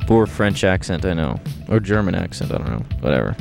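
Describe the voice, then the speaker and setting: Man hosting a homemade computer demo; low, offhand and rambling, recorded on an old home video with loud music playing behind him. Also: sing-song, brisk, gravelly. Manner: offhand, rambling, trailing asides. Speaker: home video presenter demonstrating computer audio. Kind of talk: casual demo commentary.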